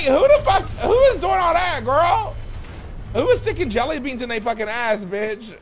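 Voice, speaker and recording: A young man streaming a game, talking in a flamboyant, sassy, profane way with sudden loud outbursts. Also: fairly high pitch, slight background noise. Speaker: gaming streamer. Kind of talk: casual gameplay commentary.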